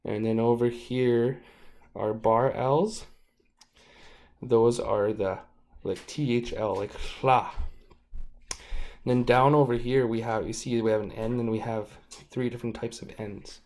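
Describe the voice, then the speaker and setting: A man leads a casual language lesson at an unhurried pace and pronounces each syllable carefully. His voice is warm and mellow, and his delivery is informal and modest. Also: medium pitch, fairly even intonation. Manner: slow, informal, self-deprecating, demonstrates sounds syllable by syllable. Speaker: language teacher. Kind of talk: relaxed spoken language lesson.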